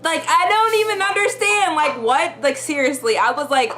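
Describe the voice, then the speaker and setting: Chatty young woman with a bright voice. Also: sits high, moderate pace, faint music behind. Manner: chatty, full of "like" fillers. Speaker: vlogger. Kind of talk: storytime vlog.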